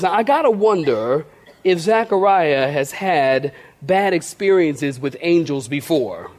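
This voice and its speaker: Brief: male pastor, high voice, funny animated sermon delivery. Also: unhurried. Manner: humorous, animated storytelling.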